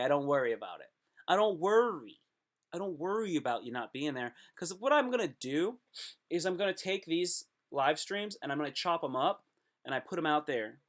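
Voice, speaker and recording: A man's voice: fairly high pitch, very animated, fairly quick, a bit bright. A man live-streaming comedy, rambling and joking, often repeating himself.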